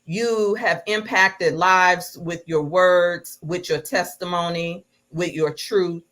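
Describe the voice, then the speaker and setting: A woman's voice: lowish voice, steady tone, slow. A woman hosting a livestreamed interview, praising her guest and talking directly to viewers. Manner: warm encouraging, addresses viewers directly. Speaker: host.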